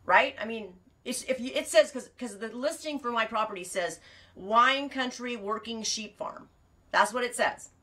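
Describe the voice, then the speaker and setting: A woman's voice: on the high side, animated, fairly quick, hardly any pauses, fairly bright tone. A woman hosting a casual knitting live stream from her farm, rambling and cutting herself off, laughing often and swearing now and then. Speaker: knitting show host and sheep farmer.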